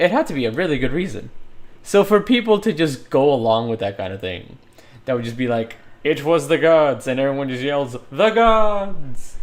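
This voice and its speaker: A man chatting casually while working on a livestream, rambling, thinking aloud and laughing often. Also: mid-range voice. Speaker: livestreamer modeling in 3D software.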